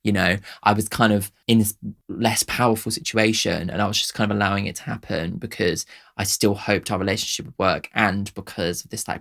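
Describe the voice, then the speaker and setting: A man's voice: fairly low pitch, vocal fry, fairly bright tone. A man hosting a music reaction video, talking casually, rambling with lots of "like", laughing often and swearing freely.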